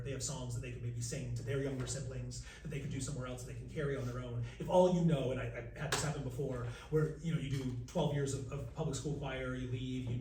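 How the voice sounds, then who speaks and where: A man leading a live masterclass for vocal coaches, lively and jokey, breaking into sung examples. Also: medium pitch, distant mic, a little hiss or hum. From United States. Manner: lively, jokey, demonstrates by singing. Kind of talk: live workshop talk. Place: large room with an audience. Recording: roomy, from across the room.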